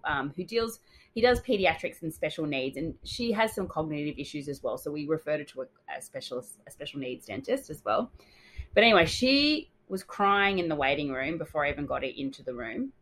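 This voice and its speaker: A young adult woman co-hosting a casual podcast, telling a story with lively quoted dialogue. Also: low-pitched, poor audio. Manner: animated storytelling, acts out quotes. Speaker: dental hygienist podcast co-host. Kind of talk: casual chat.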